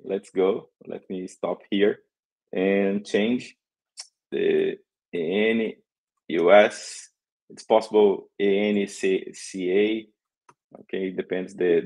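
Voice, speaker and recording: A man from Brazil with a Brazilian Portuguese accent, presenting a live coding demo in halting English, searching for words. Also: low voice, fairly even intonation, gravelly, a little mellow, rough recording.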